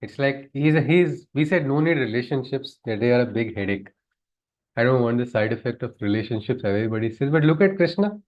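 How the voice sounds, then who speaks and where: A man gives a class on scripture in a mid-pitched voice. He talks conversationally, keeps asking his listeners questions and chuckles as he goes. The recording sounds dull and lo-fi. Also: animated, brisk, a little mellow. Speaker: spiritual teacher. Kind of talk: lecture on scripture.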